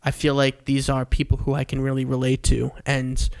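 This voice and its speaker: A young man co-hosting a comedy podcast, talking in an animated, self-mocking way and swearing freely. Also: medium pitch, normal speed, creaky, clear, resonant tone. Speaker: podcast co-host. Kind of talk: casual comedic chat.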